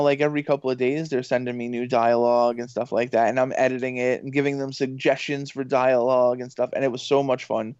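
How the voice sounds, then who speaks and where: A man chatting as a podcast guest, speaking at a middling pitch. He rambles excitedly and piles up fillers. The recording is dull and dry. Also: smooth, no echo. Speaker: podcast guest, professor and voice actor. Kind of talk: casual interview chat.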